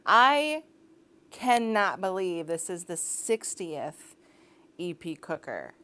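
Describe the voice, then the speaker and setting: A young woman hosting a cabaret as MC, chatty and self-mocking, rambling jokes between bits. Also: on the low side. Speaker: host and MC.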